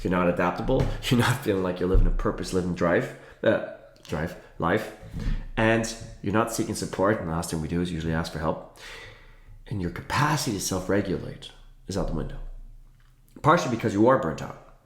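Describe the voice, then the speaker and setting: A man giving an energetic, emphatic health lesson to camera, with playful asides. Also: low voice, brisk. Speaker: naturopathic health educator. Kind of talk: energetic educational talk to camera. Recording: roomy echo.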